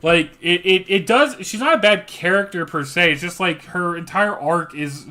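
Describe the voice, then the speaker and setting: Excitable, bright-voiced young man swearing freely. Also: sits high, moderate pace. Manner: excitable, profane storytelling. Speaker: streamer. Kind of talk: casual gaming chat.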